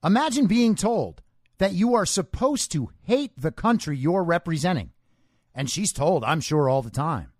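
Emphatic man with a lively voice. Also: on the high side, moderate pace, dry recording, clean studio sound. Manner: emphatic, opinionated, rhetorical questions. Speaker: podcast host. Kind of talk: solo opinion monologue.

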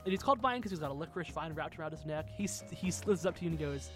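A woman narrating a tabletop game as game master, talking in a lively way and laughing often. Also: deep voice, racing, few pauses, husky, faint music behind.

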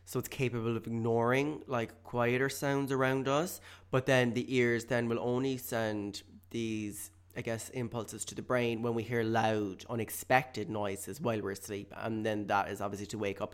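A man's voice: medium pitch, fairly even intonation, normal speed, hardly any pauses, clean tone. Rambling man hosting a podcast. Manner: rambling, hesitant, full of fillers. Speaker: podcast host. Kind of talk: casual solo podcast monologue. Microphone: studio mic with headphones.

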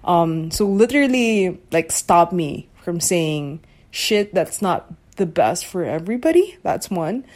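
A woman's voice: on the low side, lively intonation, a little slow, hardly any pauses, a little mellow. A woman hosting a casual solo podcast, musing aloud, searching for words and often checking whether the listener follows. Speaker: podcast host.

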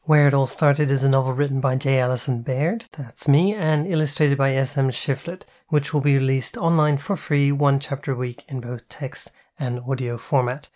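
An author introducing and reading aloud their own novel in a steady, even storytelling voice. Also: mid-range voice, moderate pace, few pauses. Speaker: author and audiobook narrator.

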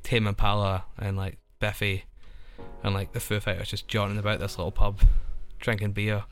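Young Scottish musician guest, low crisp bright voice, loose rambling chat. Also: male voice, level tone, moderate pace, faint music behind. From Scotland. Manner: rambling, full of "like" fillers, self-described anxious. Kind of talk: casual podcast chat.

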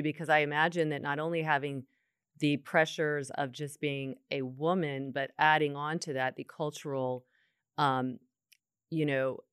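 A woman's voice: low voice, smooth, dry recording, clean studio sound. A middle-aged woman hosting an interview, responding in an empathetic, affirming and thoughtful way. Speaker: host. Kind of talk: interview conversation.

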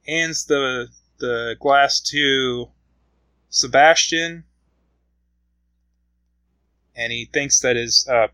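A man's voice: mid-range voice, fairly bright tone, clear, resonant tone, no room sound, poor audio. A man casually retelling a comic book story, rambling along with frequent fillers.

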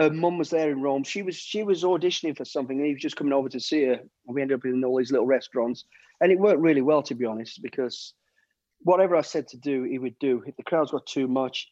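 A man's voice: medium pitch, fast, a little mellow, dry recording. A middle-aged man, a former soldier and bodyguard, telling rambling stories in casual chat, with plenty of restarts and acted-out quotes. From United Kingdom. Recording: dull, dry sound.

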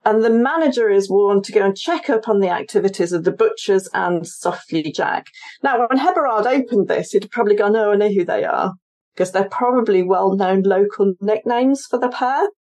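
A woman appears as a guest historian on an interview podcast. She explains her research at length and thinks aloud as she talks. Her voice sits at an ordinary mid pitch for a woman. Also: expressive, moderate pace, a little mellow. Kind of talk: conversational interview.

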